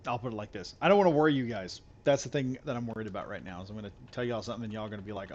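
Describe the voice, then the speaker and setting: A man's voice: mid-range voice, lively intonation, racing, few pauses, dull audio, a little hiss or hum. A man chatting loosely to viewers while he live streams a game, rambling and repeating himself. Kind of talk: casual live stream chat while gaming.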